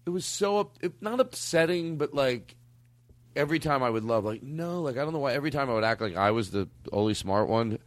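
A man hosting a podcast, talking in a rambling, halting, joking way. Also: medium pitch, animated, dry recording. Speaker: podcast host. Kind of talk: casual comedic chat.

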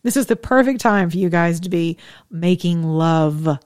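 A woman's voice: fairly low pitch, animated, normal speed, darkish tone, dry recording, studio quality. A woman hosting a faith talk show, giving a preachy, candid monologue to women listeners with frank, chatty asides. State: widowed, speaking as a single woman.

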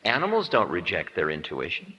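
A man's voice: low-pitched, huge pitch swings, fairly quick, pushed and bright. A man giving a humorous spiritual lecture in a musing, wry, self-mocking way. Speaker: spiritual teacher. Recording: dull lo-fi tape in reverberant hall.

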